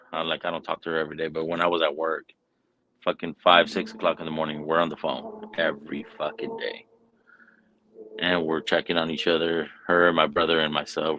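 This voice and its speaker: A man with a very deep voice talks in a casual, rambling way, dropping profanity constantly as he tells a story. He sounds like a relaxed, unscripted podcast host. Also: slight background noise, low-quality recording. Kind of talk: casual chat.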